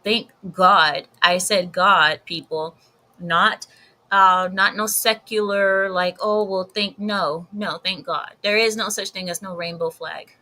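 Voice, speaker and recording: A woman's voice: on the low side, steady tone, takes it slowly, pushed and bright, low-quality recording. A woman giving blunt, emphatic commentary in a casual vlog, often repeating herself for effect. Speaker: video commentator.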